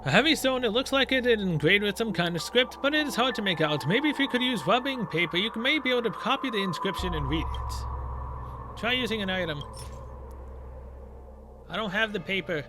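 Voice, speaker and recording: A man's voice: high-pitched, expressive, a little fast, background noise. A man playing through a story game, reading its dialogue aloud and adding sarcastic asides. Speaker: gaming video creator.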